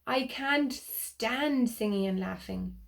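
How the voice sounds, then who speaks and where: A woman voicing a grumpy, complaining man in a children's storybook, gruff and grumbling. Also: fairly high pitch, slow.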